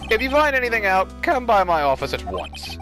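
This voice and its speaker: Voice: mid-range voice, sing-song, a little fast, fairly bright tone, voice pushed up. A let's-play player voicing a pompous, fussy old male lawyer, drawn out and theatrical, with game music underneath. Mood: genteel. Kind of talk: reading game dialogue aloud in character.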